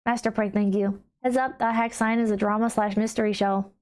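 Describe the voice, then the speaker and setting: A woman's voice: medium pitch, flat delivery, a little fast, darkish tone. A woman streamer chatting casually with her viewers, blunt and wry, with frequent swearing. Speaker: streamer reading chat. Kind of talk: casual livestream chat.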